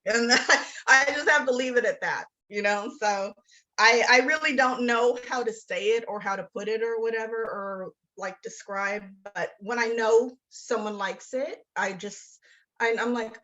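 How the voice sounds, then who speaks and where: A woman's voice: fairly high pitch, animated, moderate pace, bright, forceful tone, highs cut off. A woman author being interviewed, talking in a rambling, self-deprecating way with lots of fillers and restarts. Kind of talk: casual interview chat.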